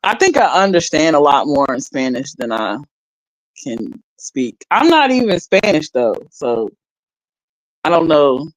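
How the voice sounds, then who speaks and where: A woman's voice: deep voice, sing-song, unhurried, no echo, poor audio. A woman chatting casually on a livestream, rambling and laughing as she reads her viewers' chat aloud.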